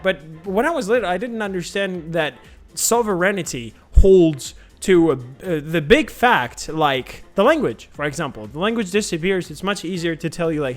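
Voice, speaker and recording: A young man with a Ukrainian accent, his first language Russian, riffs on memes in a loose, chatty way, laughing often and swearing freely. His voice sits high for a man. Faint music plays softly underneath. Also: expressive, moderate pace. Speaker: meme reviewer. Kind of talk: casual reaction commentary.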